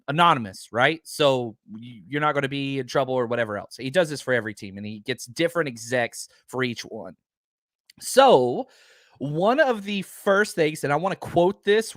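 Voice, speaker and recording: A man hosting a live podcast, talking fast and excitedly with lots of fillers, rambling from one point to the next. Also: mid-range voice, dry recording, studio quality. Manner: enthusiastic, rambling with many fillers. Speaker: podcast host. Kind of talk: live-stream podcast chat.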